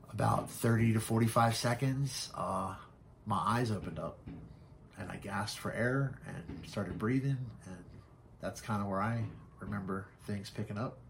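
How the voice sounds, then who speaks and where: A man telling his own story as a podcast guest, frank and halting, swearing often. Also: fairly low pitch, vocal fry, a little hiss or hum. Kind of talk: candid personal storytelling.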